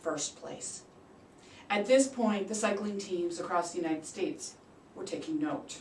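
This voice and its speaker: Animated woman telling a story, roomy and distant. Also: measured pace, slight background noise. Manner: animated, acts out quoted voices with big leaps in pitch and loudness. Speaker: speaker at a public speaking club. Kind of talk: prepared storytelling speech. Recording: roomy sound from a distant mic.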